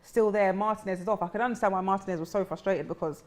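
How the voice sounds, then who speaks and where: A woman's voice: mid-range voice, fast. A woman hosting a live football watch-along, reading viewer comments aloud and teasing them. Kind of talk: live match reaction chat.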